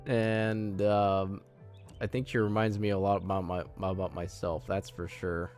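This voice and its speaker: A man's voice: deep voice, little pitch movement, unhurried, a little mellow, faint music behind. A man live-streaming a game, chatting casually and rambling, laughing often and sounding flustered.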